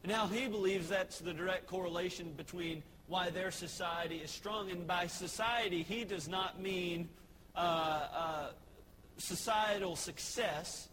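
High-voiced Texan pastor preaching. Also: male voice, measured pace, a bit bright, poor audio. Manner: conversational storytelling with frequent fillers. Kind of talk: evening sermon. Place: church sanctuary. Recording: clear background noise.

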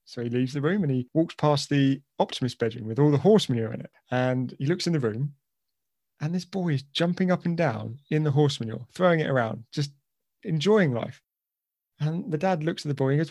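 A man telling a story on a podcast, animated and acting out the voices in it. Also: a little high, a little fast, no echo, clean studio sound. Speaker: podcast guest. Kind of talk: conversational storytelling.

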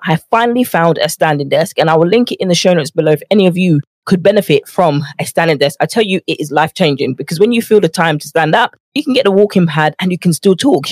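A woman hosts a motivational podcast as a nutrition coach, her pitch swinging widely as she acts out quoted voices. She talks from a home office while walking on a treadmill pad, a little out of breath. The sound is close and dry. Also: fast talker, hardly any pauses, no echo. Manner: lively and chatty, acts out quoted voices, laughs often.

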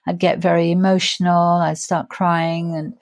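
A woman in her sixties, a grief coach telling her own story in an interview, reflective and earnest, slowing down to stress key points. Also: lowish voice, level tone. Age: 60s. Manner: reflective, earnest, slows down for emphasis.

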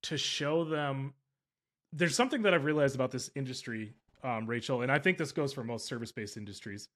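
A man hosts a podcast interview in casual conversation, talking at length in an emphatic, rambling way and often correcting himself mid-sentence. His voice is medium-pitched and fairly bright, and he speaks a little fast.

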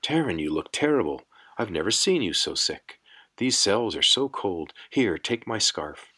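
A man's voice: lowish voice, very animated, a little slow, fairly bright tone, breathy edge, heavily acted. A man reading an audiobook, voicing a young woman who is anxious and caring toward her brother. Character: young woman, tender worried sister.

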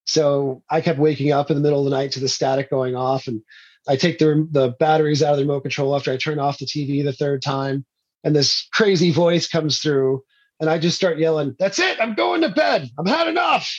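A man's voice: fairly high pitch, level tone, a little fast, lo-fi sound. A man, an indie filmmaker, telling rambling stories in a casual interview and laughing often.

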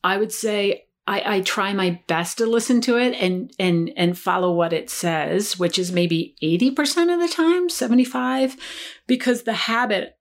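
A woman's voice: medium pitch, normal speed. A woman who works as a life coach, a podcast guest telling a personal story in an earnest, reflective way. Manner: earnest, reflective, dips quiet at tender moments.

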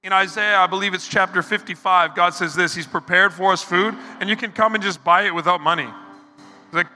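Bright, high-voiced male preacher. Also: a little fast. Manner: animated, repeats words when building a point. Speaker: pastor. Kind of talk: sermon. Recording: reverberant hall with soft music behind.

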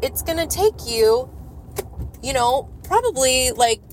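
An ambitious, pushy executive, as a woman puts him on eagerly stacks one plan on top of the next. His voice sits a little high and keeps its persuasive push throughout. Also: big pitch swings, takes it slowly, a little hiss or hum, exaggerated voice, rough recording. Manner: eager, persuasive, piling on plans.

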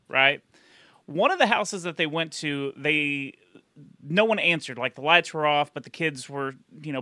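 A man with a bright, forceful, fairly high voice tells a story on a casual podcast, breaking into laughter often. The sound is dry and close, with no room echo. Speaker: podcast co-host and producer.

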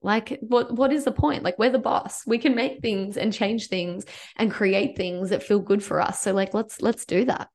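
A woman's voice: mid-range voice, normal speed, a little mellow. A woman hosting a solo business podcast, talking casually and encouragingly, with lots of "like" fillers. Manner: chatty, uses "like" often, upbeat and encouraging. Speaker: podcast host and business coach.

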